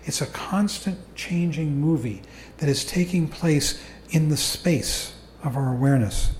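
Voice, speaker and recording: A man gives a slow, calm meditation talk to a group, explaining patiently. His voice is warm and mellow, sitting a little high. The sound is roomy and echoey. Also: a little hiss or hum. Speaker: meditation teacher. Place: meditation hall. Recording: echoey room recording.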